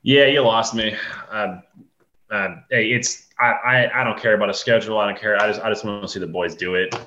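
A man's voice: fairly low pitch, fairly even intonation, fairly quick, sharp tone, a little hiss or hum. A man co-hosting a podcast in casual chat, making laid-back, shrugging remarks. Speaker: podcast co-host. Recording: echoey, muffled remote mic.

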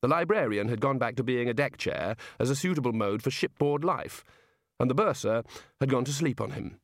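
A man reading a story aloud with expressive, measured narration. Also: medium pitch, dry recording, studio quality. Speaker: audiobook reader. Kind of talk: scripted narration.

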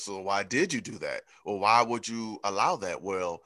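A man's voice: on the low side, moderate pace, no room sound, clean studio sound. A man co-hosting a podcast, talking candidly and reflectively about his own growth. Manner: candid, reflective, animated when quoting himself. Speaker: podcast co-host. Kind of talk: casual chat.

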